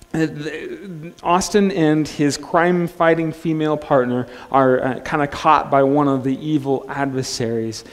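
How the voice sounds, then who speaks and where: A male pastor preaching a sermon in a relaxed, conversational way, joking and restarting his phrases. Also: a little high. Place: church sanctuary. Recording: long church-hall reverb.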